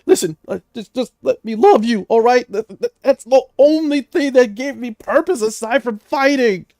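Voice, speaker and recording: A frantic, lovesick young fighter, as a man puts him on in a tabletop game, his voice pushed far above the performer's own, pleading and stammering. He turns loud and strained as he begs. The recording is dry and close. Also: extremely high pitch, normal speed, dry recording, voice pushed up.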